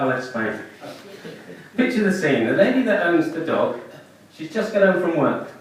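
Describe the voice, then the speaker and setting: Animated comedian in an echoey club. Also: male voice, on the high side. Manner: animated storytelling, deadpan asides. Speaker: stand-up comedian. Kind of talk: stand-up comedy set. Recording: echoey club room, distant mic.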